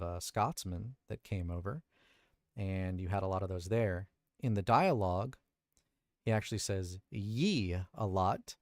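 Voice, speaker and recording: This deep, darkish male voice belongs to a voice actor livestreaming from his booth. In a relaxed chat about audio editing, he walks through his work and thinks aloud, and the sound is clean studio audio without any echo.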